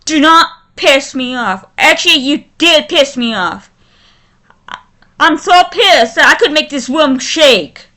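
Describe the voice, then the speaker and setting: High bright-voiced woman ranting furiously. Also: animated. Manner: furious, halting, with many restarts. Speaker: vlogger. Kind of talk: angry ranting vlog.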